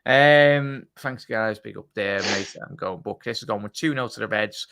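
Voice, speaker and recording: A low, gravelly male voice with a bright, forceful edge. He hosts a casual fan live stream and banters with his guests while reading out chat. The sound is dry and close. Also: moderate pace, no room sound. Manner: chatty, teasing, reads out chat messages. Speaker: host.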